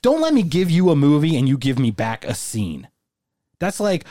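A man's voice: a little high, huge pitch swings, normal speed, warm tone, no room sound, clean studio sound. A man co-hosting a casual podcast, talking crudely and acting out movie lines. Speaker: podcast co-host. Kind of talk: casual chat.

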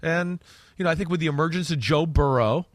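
A slightly higher-pitched man with a New Jersey accent talks football on a podcast in a casual, rambling way, restarting sentences and leaning on fillers. The sound is close and dry. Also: fairly quick, dry recording. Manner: chatty, self-correcting, with frequent fillers. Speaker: podcast co-host, football analyst. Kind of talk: casual sports chat.

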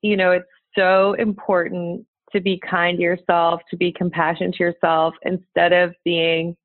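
A woman's voice: lowish voice, little pitch movement, moderate pace, no room sound. Woman coach giving earnest dating advice, tinny phone-ish sound, dry. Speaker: dating coach, podcast guest. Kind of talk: conversational interview.

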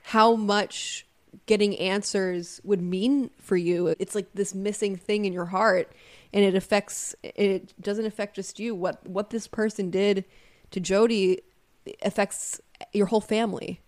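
A woman's voice: medium pitch, fairly even intonation, a little slow. A woman co-hosting a true crime podcast, speaking earnestly and sympathetically to her guest. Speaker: podcast co-host.

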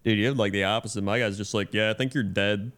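A man's voice: on the low side, steady tone, fast, fairly bright tone, slight background noise. A man co-hosting a casual podcast, laid-back, mostly giving short reactions. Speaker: podcast co-host.

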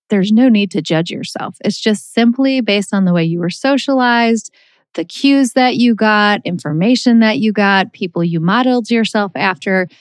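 A woman's voice: mid-range voice, no echo. A middle-aged woman hosting a solo podcast, talking in a chatty, reflective way with plenty of fillers. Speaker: podcast host. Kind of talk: casual solo podcast talk.

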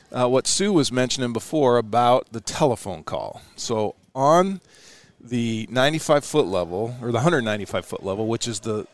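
A middle-aged man, a former astronaut, telling a story in a casual chat, animated, laughing often and acting out what people said. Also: mid-range voice, dry recording.

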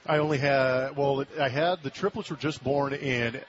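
A man's voice: mid-range voice, normal speed, background noise. A man in his forties from Southern California, a former ballplayer telling a story as a guest in a casual interview. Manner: animated storyteller, acts out quoted voices. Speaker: former baseball player, guest. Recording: muffled radio broadcast audio.

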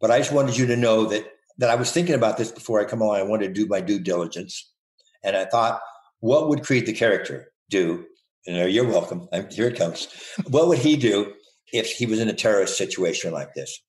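A man's voice: fairly low pitch, lively intonation, brisk, a little mellow. An older man, a guest in a casual podcast interview, telling playful, rambling stories and laughing often. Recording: roomy echo.

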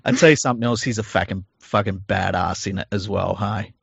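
A man's voice: on the low side, a little fast, vocal fry, a bit bright, slightly rough, no room sound, highs cut off. An Australian man co-hosting a podcast, chatting casually with plenty of laughing, joking and swearing. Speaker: podcast co-host. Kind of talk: casual banter.

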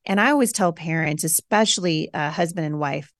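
A woman in her forties speaking as a podcast guest in candid conversation, emphatic and animated, jumping high when she acts out her past self. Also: a little fast, no room sound, clean studio sound.

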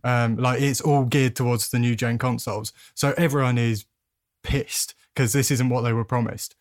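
A man's voice: medium pitch, steady tone, moderate pace, no room sound, studio quality. A man in a casual podcast chat, teasing his friends and laughing at his own jokes.

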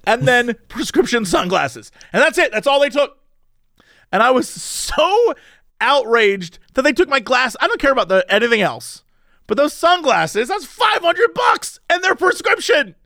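A man telling a story in casual chat, animated and exasperated, swearing now and then. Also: very high voice, normal speed, no room sound, studio quality. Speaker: podcast host telling a story.

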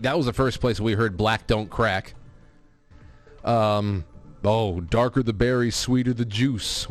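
A man hosting a call-in show, rambling in casual chat with many restarts. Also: mid-range voice. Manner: rambling, chatty, with frequent restarts and fillers. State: grieving his stepfather.

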